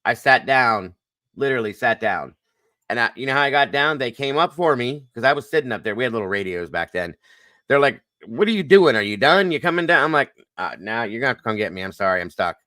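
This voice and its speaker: A man hosting a casual live stream, telling animated stories and swearing lightly. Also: mid-range voice, quick pace, dry recording.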